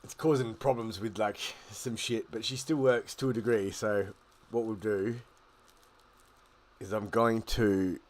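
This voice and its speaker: Relaxed man hosting a livestream, low voice. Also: a little slow. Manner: loose, swears often, talks to chat while fixing setup. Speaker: livestream host. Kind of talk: casual livestream chat.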